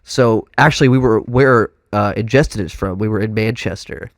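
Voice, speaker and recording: A man's voice: fairly low pitch, normal speed, no echo. Laughing Texan man telling stories. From Texas. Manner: animated storyteller, acts out voices and laughs often. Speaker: podcast guest, drummer. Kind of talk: casual chat. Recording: dry studio sound.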